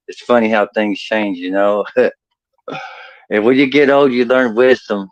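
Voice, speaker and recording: A man's voice: lowish voice, fairly even intonation, unhurried, no echo, muffled recording. A man from the with a drawl, telling rambling stand-up stories and laughing at his own jokes. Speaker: stand-up comedian. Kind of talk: storytelling stand-up set. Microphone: home computer mic on video call.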